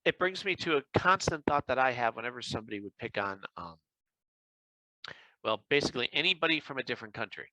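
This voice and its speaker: Chatty male podcast host, expressive and bright, close dry recording. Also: medium pitch, fast talker, dry recording, low-quality recording. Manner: animated anecdote-telling with acted-out quotes. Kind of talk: casual chat, storytelling.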